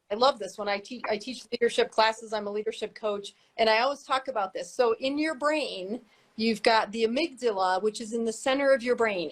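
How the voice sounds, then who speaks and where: A middle-aged woman with a slightly high voice talks as a guest therapist and mediator. She explains things in an earnest, teacherly way and hammers key phrases by repeating them. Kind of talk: casual explanatory chat.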